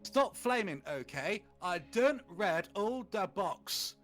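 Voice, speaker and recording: A man's voice: sits high, expressive, a bit bright, soft background music, pitched above the performer's own voice, full character voice. A man putting on a huffy writer in broken English. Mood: indignant. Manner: huffy, defensive, halting grammar. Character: indignant fanfic author, broken English.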